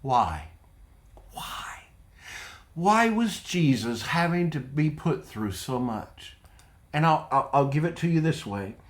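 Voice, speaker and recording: A man with a fairly high voice preaches an earnest sermon to viewers watching online. He comes back to his points and asks rhetorical questions as he builds his message. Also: expressive, measured pace.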